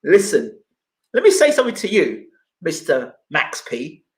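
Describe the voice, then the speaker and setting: A man with a high, lively voice argues about boxing on a live stream and fires off rhetorical questions. He sounds animated and combative. His voice echoes around the room he records in. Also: unhurried. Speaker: boxing channel host. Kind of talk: live stream commentary and viewer replies.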